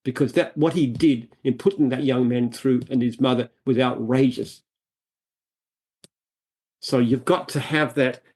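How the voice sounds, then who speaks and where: An Australian man speaks as an interview guest, earnest and emphatic. He often repeats himself as he builds a point. His voice sits at a middle pitch. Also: steady tone, unhurried, pauses often, darkish tone, slightly rough. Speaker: franchise founder, guest. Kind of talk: interview answers.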